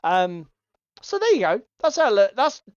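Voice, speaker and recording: A man rambles through a casual stream chat, cursing freely. His voice is smooth and resonant. The recording is dry and a little dull. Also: high-pitched, sing-song, normal speed, no echo. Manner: swearing, rambling, laughs often. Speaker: co-host.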